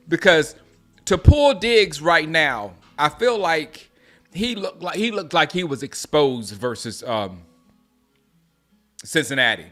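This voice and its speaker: A man from South Carolina hosting a casual live stream, chatting with viewers and reacting excitedly to plays as he reads comments aloud. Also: a little high. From Gaffney, South Carolina. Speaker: sports livestream host.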